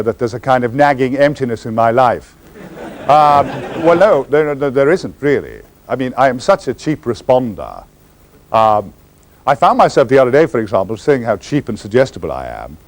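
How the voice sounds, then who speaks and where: An older man tells rambling, theatrical stories with a wry edge. His pitch leaps and swoops all over the place as he answers questions from the audience. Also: big pitch swings, brisk. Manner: theatrical, wry, meandering storyteller. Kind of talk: anecdotal audience Q&A.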